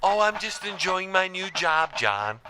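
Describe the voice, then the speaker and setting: A man's voice: high-pitched, big pitch swings, a little slow, sharp tone, a little hiss or hum, voice pushed up, full character voice. A man voicing a snide, gossiping caller trading insults. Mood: catty.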